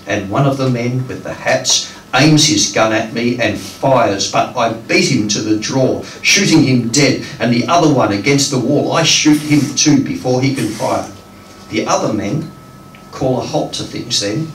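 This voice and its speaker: Poet reading live, unhurried and hesitant between pieces, picked up by a far mic in an echoey room. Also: male voice, mid-range voice. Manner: slow, hesitant between poems, with many ums. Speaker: poet reading his work. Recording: echoey room, distant mic, faint noise.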